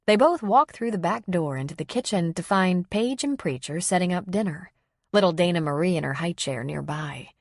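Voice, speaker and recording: A woman reading an audiobook novel in an even, clear storytelling manner. Her voice is fairly low and the recording is close and dry, with no room sound. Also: moderate pace, no echo. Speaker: audiobook narrator. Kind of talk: audiobook narration.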